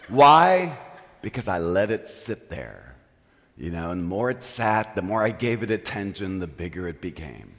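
A male pastor tells a story from the pulpit at an unhurried pace, his pitch swinging widely as he acts out his own embarrassment. His voice carries the long reverb of a large church hall, and his delivery is animated and self-mocking. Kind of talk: storytelling sermon.

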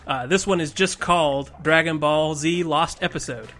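A man's voice: a little high, normal speed, a bit bright, soft background music. A man hosting a casual podcast, reading a rambling horror story aloud and breaking into laughter. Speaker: podcast host reading creepypastas.

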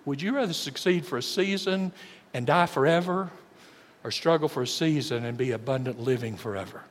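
A man preaching a sermon as pastor, swinging dramatically between booming and hushed delivery. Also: a little fast. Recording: long church hall reverb.

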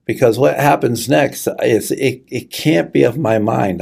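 A middle-aged man telling a personal story in an earnest, halting way, choking up as he goes. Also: medium pitch, creaky, darkish tone, breathy edge. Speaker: guest sharing a personal story. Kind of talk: conversational testimony.

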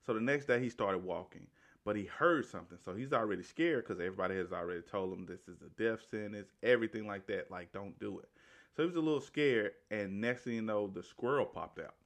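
A man's voice: on the low side, fast talker, creaky. A man casually retelling a movie's story, rambling along with restarts, self-corrections and "right?" tags.

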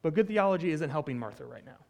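A man preaching a conversational sermon, retelling a scripture story with animated asides and frequent "right?" check-ins. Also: on the high side, fast, vocal fry. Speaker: pastor.

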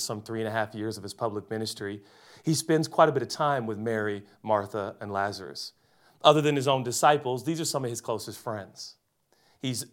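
A man in his forties preaching a sermon, swinging between loud emphasis and hushed, quiet delivery. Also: lowish voice. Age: 40s. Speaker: pastor.

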